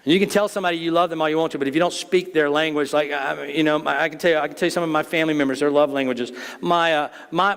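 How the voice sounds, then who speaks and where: His voice sits on the high side, a bit bright and smooth, as the middle-aged pastor delivers a conversational sermon in the church sanctuary. He jokes and keeps things folksy, talking directly to the congregation amid long reverb.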